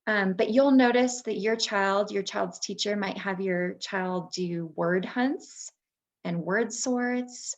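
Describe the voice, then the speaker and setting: Woman teacher talking parents through reading stuff, slow and patient, lots of ums, sounds out letters. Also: mid-range voice. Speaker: former third grade teacher presenting to parents. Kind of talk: instructional webinar presentation.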